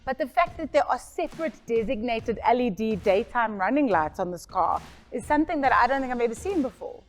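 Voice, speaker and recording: A woman's voice: a little high, animated, fairly quick, soft background music. A woman co-presenting a car feature in a bubbly, chatty and jokey way; she does radio traffic reports. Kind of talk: casual promotional chat.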